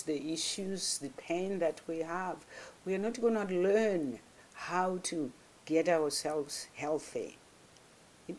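A self-help speaker giving a reflective motivational monologue, thoughtful and speaking in short phrases with frequent pauses and restarts. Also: mid-range voice. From grew up in a village in another culture.

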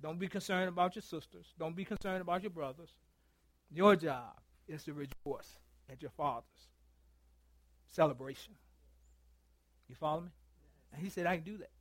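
Recorded close and dry with almost no room echo, this church sermon comes from a male pastor whose voice is high and light. He narrates a story by performing both ends of a phone call, moving from loud moments into hushed, drawn-out phrases while asking his listeners for answers.

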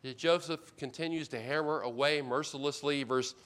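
A man's voice: a little high, moderate pace, a bit bright. A man preaching an expository sermon as pastor, earnest and emphatic, repeating key points and often restarting mid-phrase.

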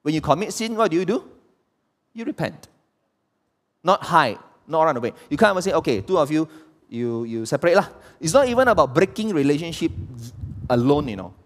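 A man preaches a sermon in a church hall, tossing rhetorical questions at his listeners. His slightly high voice swings widely up and down. A long hall reverb trails every phrase. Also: a little fast. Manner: animated, tosses rhetorical questions at the congregation. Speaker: pastor.

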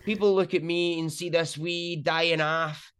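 A young Scottish man with a Scottish accent, chatting as an interview guest, talking slowly and clearly and laughing easily. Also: a little high, flat delivery, a bit bright. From Scotland. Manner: chatty and quick to laugh, slowed down and enunciated for listeners. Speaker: guest, sumo wrestler. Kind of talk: casual interview chat.

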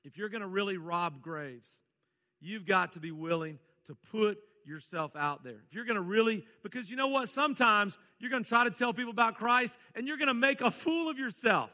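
A man preaching a sermon, folksy, reading scripture and moving between quiet asides and loud, emphatic calls. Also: high-pitched, lively intonation, fairly quick, long reverb tail. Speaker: pastor.

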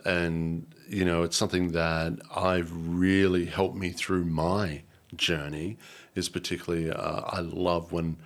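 A man's voice: low-pitched, flat delivery, a little slow. A man, a guest actor chatting casually in an interview, joking and rambling with frequent laughter. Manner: jokey, rambling, laughs often.

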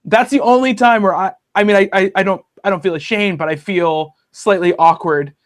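A man's voice: sits high, a little fast. A man hosting a casual podcast chat about comic books, talking in a rambling way with many fillers and restarts. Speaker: podcast host.

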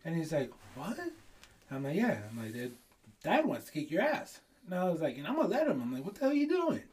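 A man's voice: fairly high pitch, very animated, brisk, darkish tone, recorded from a distance. A man in his thirties co-hosting a podcast, telling a profane story and acting out the dialogue with laughter. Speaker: podcast co-host. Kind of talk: casual storytelling chat.

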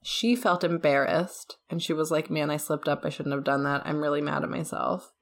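A woman's voice: low voice, steady tone, moderate pace. A woman hosting a casual podcast chat, talking in a chatty way with many fillers.

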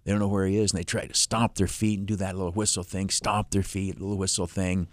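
A man's voice: low voice, level tone, quick pace, no echo. A man in his fifties hosting talk radio, telling a folksy story in a rambling way with many fillers and chuckles. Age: 50s. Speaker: radio talk show host. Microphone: studio microphone, dry.

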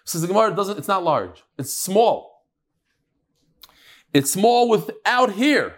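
A man teaching a Talmud class, reading Aramaic lines and explaining them in English with jokes. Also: high voice. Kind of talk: Gemara class explaining text.

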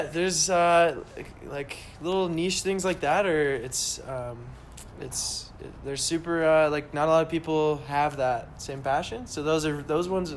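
A man's voice: fairly high pitch, slight background noise. A young man chatting casually with students, giving encouraging career advice with lots of fillers. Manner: encouraging, upbeat, many fillers.

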